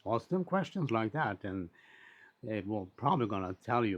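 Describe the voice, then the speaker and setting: A man talking in a casual, rambling monologue, blunt and quick to swear, with frequent restarts and asides. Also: fairly low pitch, sing-song. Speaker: commentator on social issues. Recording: dull lo-fi recording.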